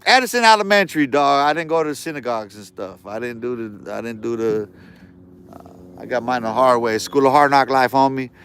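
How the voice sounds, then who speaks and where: A man's voice: medium pitch, lively intonation, brisk, a bit bright, smooth. A man ranting on a live stream in casual street slang, heated and repeating himself.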